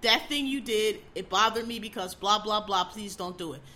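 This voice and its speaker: A woman's voice: medium pitch, moderate pace, bright, forceful tone. A middle-aged woman ranting casually as a host, blunt, profane and exasperated, hammering her points by repeating them. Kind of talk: casual opinion rant.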